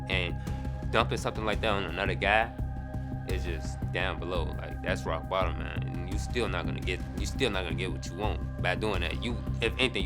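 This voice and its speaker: A man, a talk show guest, defending himself and accusing the other party directly. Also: deep voice. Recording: loud music under the voice.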